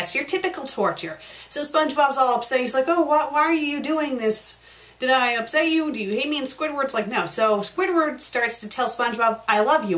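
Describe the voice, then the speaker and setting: Woman host, casual review vlog, blunt and fed-up delivery, voice slightly high. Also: a bit bright. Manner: blunt, exasperated ranting with fillers. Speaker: fanfiction reviewer, show host.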